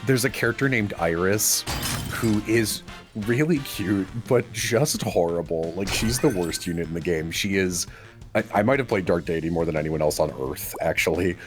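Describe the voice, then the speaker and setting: A man chatting casually on a livestream, his stories animated and broken up by quick bursts of laughter. Faint music plays underneath his voice. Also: low voice. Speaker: livestream co-host. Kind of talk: casual stream chat.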